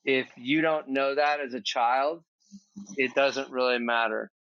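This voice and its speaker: A man's voice: mid-range voice, fairly even intonation, measured pace, fairly bright tone, no echo, lo-fi sound. A man speaking as a podcast guest in a casual, earnest, reflective conversation, thinking aloud with fillers.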